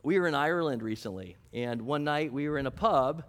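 A fairly high-voiced male pastor preaching in an easy, conversational way. He poses questions and answers them himself, and slips into personal stories with self-deprecating humor. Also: brisk, fairly bright tone. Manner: storytelling, chuckling, self-deprecating. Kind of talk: conversational sermon.

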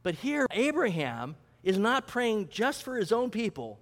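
A male pastor with a high voice delivers a sermon, putting questions to his congregation. The sound carries a long reverb, like a church hall. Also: sing-song, a little slow, a bit bright. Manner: teaching, asks the congregation questions.

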